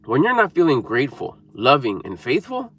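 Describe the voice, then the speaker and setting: A man's voice: mid-range voice, huge pitch swings, moderate pace, fairly bright tone, husky. A man giving an emphatic, repetitive motivational talk to camera, coaching viewers. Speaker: motivational speaker.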